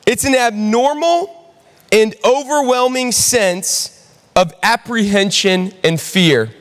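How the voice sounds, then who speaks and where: High-voiced man preaching in a hall. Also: slow pace. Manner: storytelling, animated, audience call-outs. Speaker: pastor. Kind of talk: sermon. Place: large church auditorium. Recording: long hall reverb.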